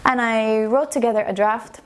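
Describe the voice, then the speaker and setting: A woman's voice: fairly high pitch, fairly even intonation, normal speed, clean tone. A woman in her thirties from Estonia tells her personal story in a casual, emotional way, acting out the dialogue she quotes. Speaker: convert telling her story.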